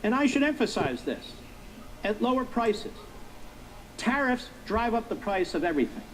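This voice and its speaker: A man's voice: sits high, very animated, normal speed, slight background noise, poor audio. A middle-aged man hosting a political commentary monologue, emphatic and repetitive, firing rhetorical questions at his listeners. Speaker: talk show host.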